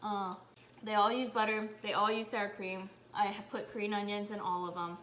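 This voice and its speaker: A woman's voice: mid-range voice, little pitch movement, normal speed, fairly bright tone, slight background noise. Casual woman talking thru a cooking demo in her kitchen, chatty and offhand. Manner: chatty, offhand, talks while eating. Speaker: cooking vlogger.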